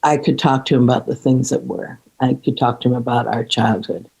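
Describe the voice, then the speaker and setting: Earnest, halting woman with a dark voice. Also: very deep voice, steady tone, creaky, husky, poor audio. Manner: earnest, halting, many restarts and fillers. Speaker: podcast guest. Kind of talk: reflective conversation.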